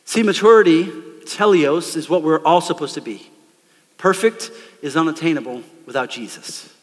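A man preaching a lively, conversational sermon from a church stage, calling out to the congregation. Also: fairly high pitch, moderate pace, big-room sound. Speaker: pastor. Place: church sanctuary.

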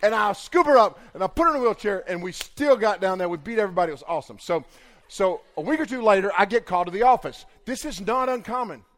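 A young man preaching, telling a comic, animated story with big swings in volume. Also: high-pitched, fast. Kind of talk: storytelling sermon.

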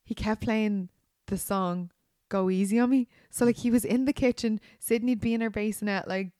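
Casting: Irish woman, mid-pitched, playful teasing co-host, dry close sound. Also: fairly even intonation, moderate pace, dark tone, no echo. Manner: teasing, laughs often. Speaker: podcast co-host. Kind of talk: casual chat.

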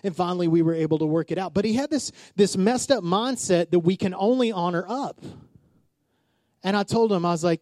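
A man's voice: high-pitched, lively intonation, a little fast, a little mellow, no room sound. A man in his forties preaching a sermon, telling stories with acted-out quotes and calling on the congregation to respond. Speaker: pastor.

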